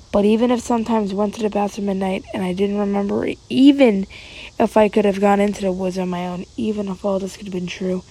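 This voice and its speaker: A woman's voice: mid-range voice, gravelly, warm tone, poor audio. A woman narrating a story aloud, reading dramatically, now and then dropping into a whisper and tripping over words.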